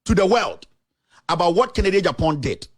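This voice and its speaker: Very animated and a little fast, this man's high, slightly rough voice comes through a dry recording with a Ghanaian accent. He's a journalist reading out official statements in emphatic, animated commentary to camera as he presents documents, sometimes lapsing into local language.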